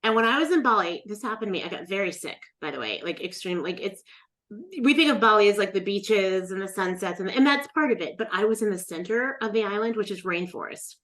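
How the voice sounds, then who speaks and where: A middle-aged woman, a guest in a casual interview, tells a personal story and acts out the voices of the people in it. She's an animated storyteller with a mid-range voice, and she talks fast.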